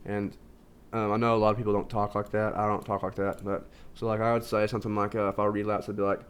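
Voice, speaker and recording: A man with a somewhat low voice talks in a loose, casual monologue. He rambles, restarts his sentences and leans on fillers constantly. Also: flat delivery, fast, clean tone. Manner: informal, says "like" constantly. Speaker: video host. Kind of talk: casual self-help monologue.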